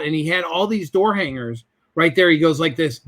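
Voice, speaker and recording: A man's voice: a little high, normal speed, a bit bright. A man telling a business story as a guest in an interview, acting out both sides of the conversations.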